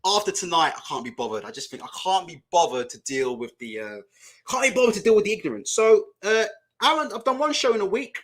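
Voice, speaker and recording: A young man riffs on a live boxing chat, blunt and foul-mouthed, breaking into laughter. His voice sits high and bright, and his pitch swings widely as he talks. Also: animated, fast. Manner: blunt, swearing, laughs a lot while ranting. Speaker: boxing channel host. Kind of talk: casual live-stream chat.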